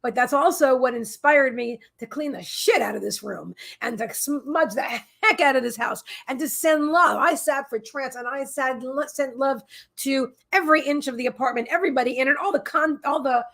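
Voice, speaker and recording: A woman with a high voice hosts a psychic livestream from her own apartment. She talks in a candid, heartfelt way, wandering off and restarting her sentences as she goes. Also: moderate pace, vocal fry, a bit bright. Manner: rambling, many restarts and fillers. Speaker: psychic host. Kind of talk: casual livestream chat.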